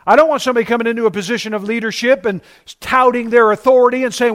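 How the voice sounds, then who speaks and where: A man in his fifties, a pastor delivering a sermon in an emphatic preaching manner, slowing down to stress key words. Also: very high-pitched, fairly bright tone.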